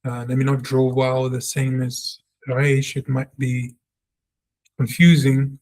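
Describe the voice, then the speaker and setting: A man giving a spoken language lesson, talking earnestly and reflectively, and repeating sounds slowly to show how they are said. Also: medium pitch, level tone, a little mellow. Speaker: Hebrew teacher.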